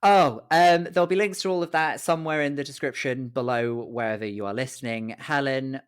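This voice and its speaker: A man's voice: medium pitch, steady tone, a little fast, smooth. A British man hosting a podcast, chatty, camp and self-mocking in casual talk. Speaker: podcast host.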